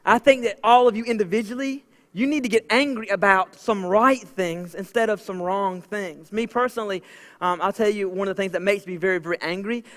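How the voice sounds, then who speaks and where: High-voiced Southern pastor, chatty sermon. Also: male voice, fairly quick, a bit bright. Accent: Southern American. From American South. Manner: casual, chatty preaching with many "like" fillers. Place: church auditorium. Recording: long church hall reverb.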